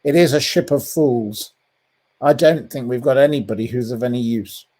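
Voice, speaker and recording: Male British journalist guest, blunt and scathing, halting delivery, mid-range voice. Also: medium pitch, warm tone. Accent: British English. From England. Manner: blunt and scathing, with many ums and restarts. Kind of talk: interview over a call.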